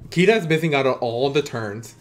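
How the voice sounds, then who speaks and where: A man with a Mexican accent talks through a game live stream in easy, playful banter. His voice sits at an average pitch, and he teases his viewers with casual swearing. Faint music plays under his talk. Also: animated, a little fast.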